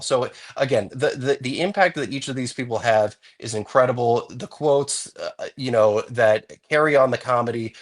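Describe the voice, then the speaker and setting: Male co-host, mid-range voice, calm and reflective, speaks in long run-on thoughts. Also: medium pitch. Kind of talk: casual chat.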